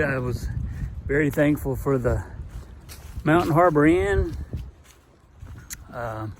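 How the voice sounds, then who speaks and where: A man with a Gulf Coast Southern accent, talking casually to the camera on a hiking trail in a relaxed, unhurried way. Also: medium pitch, noisy background. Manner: relaxed, unhurried, with frequent fillers. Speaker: hiker vlogger. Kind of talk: casual trail vlog talk.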